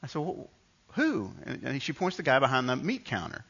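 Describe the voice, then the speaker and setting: A man's voice: medium pitch, quick pace, gravelly, a bit bright, breathy edge, lo-fi sound. A man from New York preaching a sermon in a conversational, storytelling way, often restarting his sentences. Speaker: pastor.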